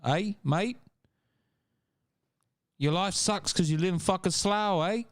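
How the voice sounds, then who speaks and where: A man's voice: high-pitched, slow pace, no echo, studio quality, pitched above the performer's own voice. A man voicing a brash, taunting male London local in a mock London accent, swearing and jeering.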